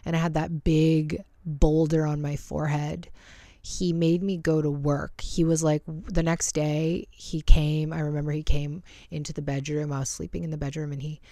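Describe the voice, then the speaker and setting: A woman's voice: low voice, flat delivery, normal speed, dark tone, no echo, clean studio sound. A young woman hosting a podcast, telling a personal story candidly and emotionally, swearing freely. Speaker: podcast host.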